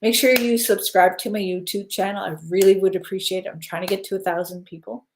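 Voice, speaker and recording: A woman hosting a casual spiritual stream, guiding listeners through breathing and giving gentle advice, often checking in with "okay?". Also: medium pitch, fairly even intonation, quick pace, slight background noise. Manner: soothing, repeats "okay?" to check in. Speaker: spiritual live-stream host. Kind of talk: casual guided spiritual talk.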